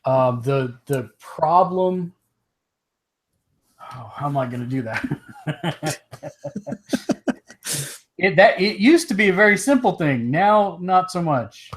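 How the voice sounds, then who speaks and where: A man with a slightly raised voice talks off the cuff on a gaming podcast, relaxed and rambling. He has the hiccups and laughs easily between thoughts. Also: on the high side, takes it slowly, pauses often. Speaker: podcast co-host. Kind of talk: casual chat.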